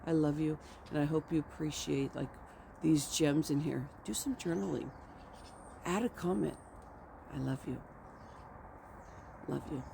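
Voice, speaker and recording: A woman's voice: sits low, unhurried, vocal fry, long pauses, mellow, a little hiss or hum. A woman coach giving an earnest, affirming motivational vlog talk from her ranch home, rambling and repeating phrases. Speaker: health and communication coach.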